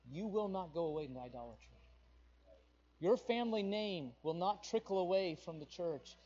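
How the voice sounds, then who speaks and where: Husky high-pitched guy preaching a sermon, fired up, dull lo-fi recording. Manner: impassioned preaching, surging loud on emphatic points. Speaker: pastor.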